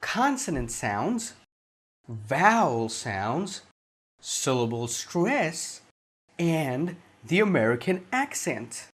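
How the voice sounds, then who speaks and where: Male accent trainer, unhurried instructional delivery, animated slightly high pitch. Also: slight background noise. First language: Indian. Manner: slow, deliberate, drawn-out explanations. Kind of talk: instructional lesson.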